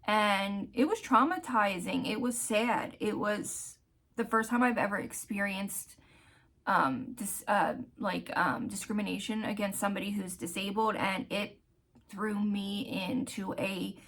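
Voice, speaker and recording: A woman vlogger telling a personal story in a candid, heartfelt way, often pausing to search for words. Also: medium pitch, a bit bright. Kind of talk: casual storytelling vlog.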